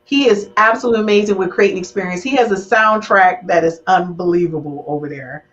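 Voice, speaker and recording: A woman hosting a relationship podcast in lively, teasing, emotional chat with her guests. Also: on the low side, fast talker, lo-fi sound, faint music behind. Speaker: podcast host.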